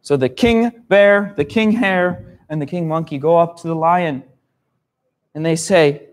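Speaking unhurriedly in a somewhat high voice, a man tells a simple story to young learners. He repeats words, spells them out, and checks that they follow with "okay?".

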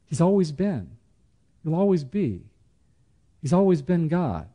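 A man teaching a church study class in a conversational way, with joking asides and slow, emphatic pauses. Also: a little high, big pitch swings, warm tone.

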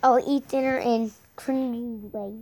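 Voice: medium pitch, steady tone, moderate pace, dark tone. A gaming channel host giving playful, casual commentary while playing a game, repeating words and joking with guests.

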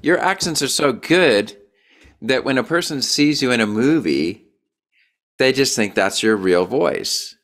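A man's voice: medium pitch, expressive, a little slow, a bit bright. A man hosting a casual interview, reacting with enthusiasm and asking questions. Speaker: interview host.

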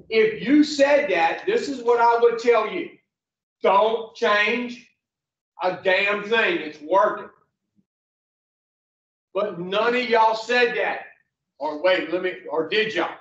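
A man's voice: high-pitched, takes it slowly, a bit bright, slight background noise. A man gives a blunt, preachy motivational talk to a group, asking the room questions and swearing freely. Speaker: speaker addressing rehab patients. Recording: echoey, distant, dull lo-fi sound.

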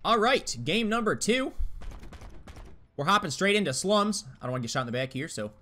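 A man's voice: high-pitched, big pitch swings, brisk, sharp tone. Hyped young man trash-talking through gameplay. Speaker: gaming YouTuber. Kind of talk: live gameplay commentary.

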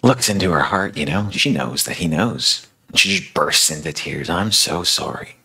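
A man's voice: rumbling low, lively intonation, moderate pace, sharp tone, slightly rough. A male preacher retelling a story in a sermon, conversational and dramatic, with casual fillers.

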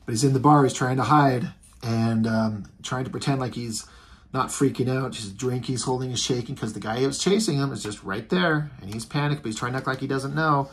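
A man talks through a comic book in a loose, casual review. He rambles, restarts and fills gaps with ums. His voice sits at an ordinary middle pitch. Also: a little fast. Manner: rambling, filler-heavy.

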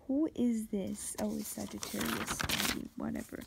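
A woman's voice: a little high, a little slow, vocal fry, background noise. A young woman vlogger in casual commentary, exclaiming and dropping into whispered asides.

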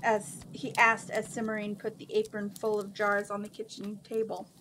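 A woman reads a fantasy novel aloud at a steady, unhurried pace. Her voice sits in a middle pitch. A faint hiss runs underneath. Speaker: reader. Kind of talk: reading a fantasy book aloud.

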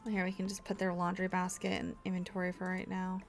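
A woman's voice: on the low side, monotone, quick pace, faint music behind. A young woman hosting a let's play, giving casual gameplay commentary in a chatty, encouraging way as she thinks aloud.

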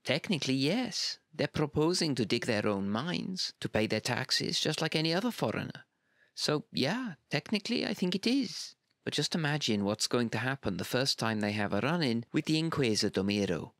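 A man's voice: mid-range voice, expressive, moderate pace, a bit bright, no echo, studio quality. A man voicing an exasperated, indignant male civil servant who rants about stubborn negotiators. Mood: worried. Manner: ranting, emphatic complaints.

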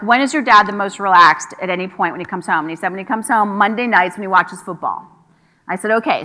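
A woman's voice: mid-range voice, bright, forceful tone. A woman giving a conference keynote, telling a story conversationally and acting out the people she quotes. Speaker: keynote speaker. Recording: hall reverb from a large venue.

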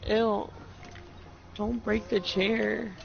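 A man's voice: high voice, little pitch movement, very slow, vocal fry. A man chatting casually while gaming, teasing and swearing freely. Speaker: gamer recording a session. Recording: slightly dull lo-fi audio with faint music.

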